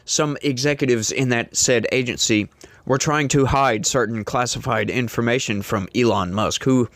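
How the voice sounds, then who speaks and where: A man's voice: mid-range voice, moderate pace, fairly bright tone, dry recording, studio quality. A man hosting a casual political commentary show, speaking emphatically and indignantly straight to his viewers.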